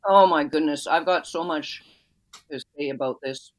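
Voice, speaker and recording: A woman's voice: low-pitched, normal speed, low-quality recording. A woman from Canada co-hosting a casual live-stream chat, friendly and easygoing, often laughing.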